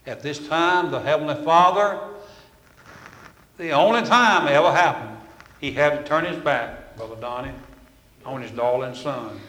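A man preaching a sermon in a folksy, storytelling way, swinging from loud to hushed. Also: fairly high pitch, normal speed, pauses often. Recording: echoey hall with long reverb.

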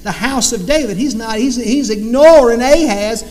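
A man's voice: very high voice, normal speed, darkish tone. A man preaching a sermon, emphatic and repetitive, firing off rhetorical questions. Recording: long reverb in a hall.

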